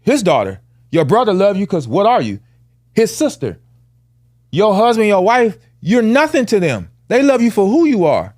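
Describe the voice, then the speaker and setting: A man's voice: high voice, wildly swooping pitch, moderate pace, a little mellow, no room sound, studio quality. A man co-hosting a casual podcast chat, blunt and plainspoken, driving his points home through repetition and lists. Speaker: podcast co-host.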